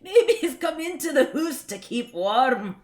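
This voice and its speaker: A woman's voice: high-pitched, sing-song, a little slow, pitched above the performer's own voice. A woman doing a chirpy Scottish comic-strip lad. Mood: hammy cheerful. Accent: put-on Scottish. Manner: bouncy, exaggerated, giggly read-aloud. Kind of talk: comic read-aloud on a livestream.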